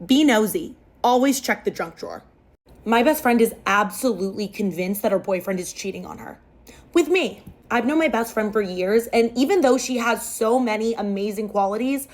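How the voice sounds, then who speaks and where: A young woman retelling a story aloud in a chatty, animated way. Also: fairly high pitch.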